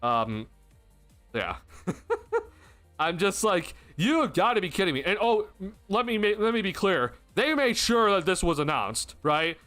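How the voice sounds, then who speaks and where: A man's voice: high-pitched, sing-song, measured pace, pauses often, a bit bright, soft background music. A young man, ranting and laughing in disbelief as he hosts a casual sports livestream, rambling with restarts. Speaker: sports streamer.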